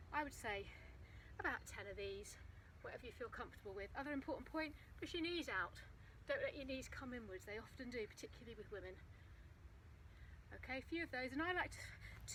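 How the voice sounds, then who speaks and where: A woman recording a casual fitness vlog outdoors on her phone, chatting practically while she demonstrates a running warm-up. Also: high-pitched, slight background noise, poor audio. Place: outdoors on a path. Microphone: phone propped on a ledge.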